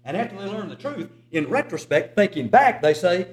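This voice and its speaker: A man's voice: high voice, wildly swooping pitch, brisk. An older man preaching a sermon, earnest and urging, telling a story to his congregation. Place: church auditorium. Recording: echoey church hall.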